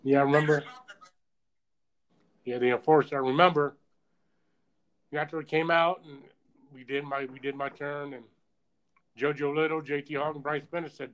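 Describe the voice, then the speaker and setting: Male guest, rambling, filler-heavy recollection, slightly high voice. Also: fairly even intonation, moderate pace, pauses often, lo-fi sound. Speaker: podcast guest, former wrestler. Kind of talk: casual conversation, recalling matches.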